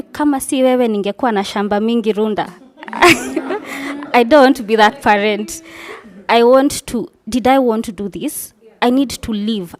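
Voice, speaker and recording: A woman, a wife and mother, openly reflecting on her own life choices. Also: mid-range voice. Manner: open, reflective, with small laughs. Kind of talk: personal storytelling.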